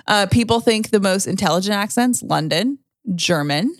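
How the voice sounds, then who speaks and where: A woman's voice: medium pitch, lively intonation, normal speed, dry recording, clean studio sound. A woman co-hosting a podcast in casual chat, talkative with frequent fillers, who also reads short news items. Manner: chatty, lots of fillers. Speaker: podcast co-host.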